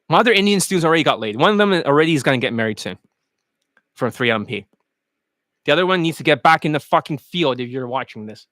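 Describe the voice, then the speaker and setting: Brief: foul-mouthed male dating coach, very animated delivery, dry close sound. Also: medium pitch, quick pace, no echo. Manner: crude, animated, mocking. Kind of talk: coaching rant.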